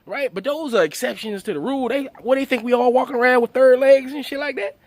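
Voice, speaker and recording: A man's voice: very high voice, quick pace, no echo. A man hosting his channel, delivering a profane, mocking comedic rant full of rhetorical questions. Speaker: channel host.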